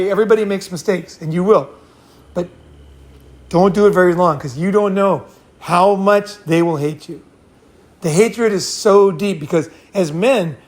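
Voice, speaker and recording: High-voiced man telling rambling stories. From California. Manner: rambling, laughing, swearing freely. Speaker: host. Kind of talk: casual storytelling and advice.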